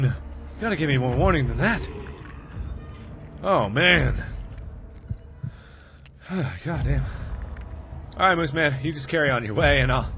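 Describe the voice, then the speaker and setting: A young man in his twenties commentating a horror game, with jumpy, loud screaming outbursts and jokey asides. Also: a little high, expressive, measured pace, pauses often, soft background music. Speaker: let's play host.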